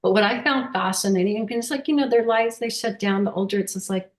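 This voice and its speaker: Woman, guest speaker, casual storytelling, halting, lots of restarts, roomy echo. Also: medium pitch. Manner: halting, with many restarts and fillers.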